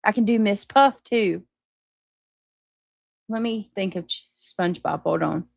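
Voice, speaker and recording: Chatty woman livestream host, gravelly edge. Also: mid-range voice, measured pace, a little mellow, no echo, studio quality. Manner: chatty, apologetic, laughs easily, restarts often. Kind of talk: casual livestream chat reading viewer comments.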